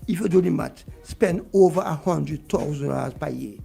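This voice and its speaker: A man's voice: fairly high pitch, moderate pace, creaky, dark tone, soft background music. A man with a Vincentian accent, talking heatedly about politics on a radio show and repeating his points. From Saint Vincent. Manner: vexed, ranting, repeats points. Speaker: radio guest.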